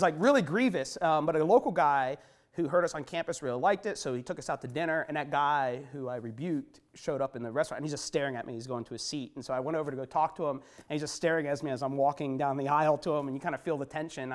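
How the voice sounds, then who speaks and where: A man who works as a street preacher, telling stories in a conversational interview, swinging from low and quiet to high and loud. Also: quick pace. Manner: conversational, many fillers and restarts. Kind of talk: storytelling in an interview.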